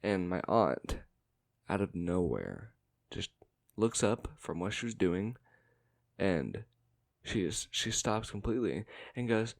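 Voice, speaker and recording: A man casually telling a family story, rambling and halting, with fillers and swearing. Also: sits low, expressive. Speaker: storytime vlogger.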